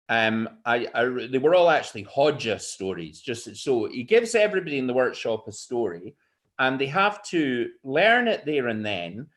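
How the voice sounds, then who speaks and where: An older man with a Scottish accent recounts anecdotes with a seasoned storyteller's enthusiasm. His voice sits at a middling pitch but swings through a wide, animated range, and the pace is conversational. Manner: lively, expressive and enthusiastic. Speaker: storyteller guest.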